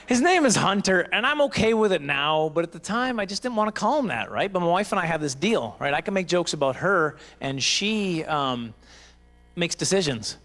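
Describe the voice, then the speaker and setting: Stand-up in his forties, slightly high voice, rambling self-deprecating delivery. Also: very animated, normal speed, fairly bright tone. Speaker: stand-up comedian. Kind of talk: stand-up comedy. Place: live banquet stage.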